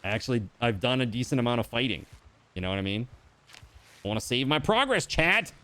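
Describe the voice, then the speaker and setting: A man streaming a video game live, chatting casually and jumping into excited high outbursts. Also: quick pace. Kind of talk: live gameplay commentary.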